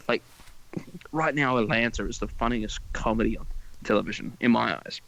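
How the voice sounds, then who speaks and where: A man's voice: mid-range voice, fast, gravelly, a bit bright, rough recording. A young man in casual podcast chat, ranting with heavy swearing and strong opinions. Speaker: podcast co-host.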